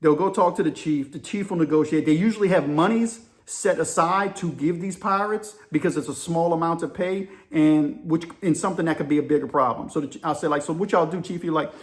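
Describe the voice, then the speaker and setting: A man giving casual video commentary and telling stories, animated and addressing listeners directly. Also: a little high, a little fast, hardly any pauses. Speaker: commentator on current events.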